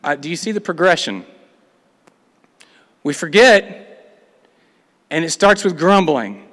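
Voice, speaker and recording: A man's voice: fairly high pitch, lively intonation, slow, a bit bright. A man preaching a sermon, reading scripture aloud and acting out the complaints of the people in between. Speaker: pastor. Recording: long hall reverb.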